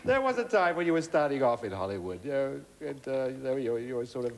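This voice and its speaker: A man's voice: medium pitch, animated, fast. A man hosting a TV talk show, asking a guest wry, leading questions. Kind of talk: TV interview. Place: TV studio with audience.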